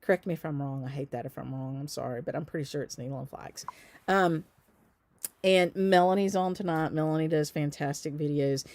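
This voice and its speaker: Chatty Southern woman, low warm voice. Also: a little fast. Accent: Southern US, softened by travel. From Southern United States. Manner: chatty and upbeat, with frequent ums and little laughs. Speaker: shop owner hosting a live stream. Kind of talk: casual live-stream chat.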